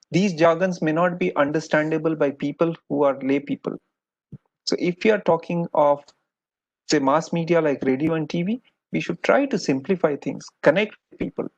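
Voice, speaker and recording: A man with an Indian English accent, lecturing postgraduate doctors in a patient, explanatory way. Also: on the high side. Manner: patient, explanatory, repeats "many a times". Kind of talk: recorded lecture. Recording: dull lo-fi audio.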